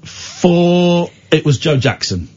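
Guy hosting night radio, a bit husky, sounds dull like off the air. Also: on the high side, lively intonation, slow pace, a little mellow. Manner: mocking, reads listener posts aloud. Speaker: radio host. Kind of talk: late-night radio chat.

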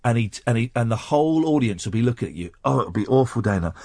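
A man's voice: mid-range voice, expressive, fast talker, dark tone, no echo, clean studio sound. A man hosting a radio show who tells a rambling, playful comic story and slips into funny voices. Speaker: radio host. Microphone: studio microphone.

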